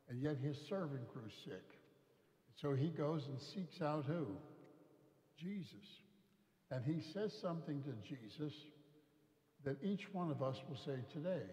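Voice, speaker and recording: A man's voice: mid-range voice, darkish tone. A middle-aged male priest, preaching a homily in a folksy, storytelling way. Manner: folksy storytelling, acts out quoted voices. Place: large church. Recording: echoey church from a distance.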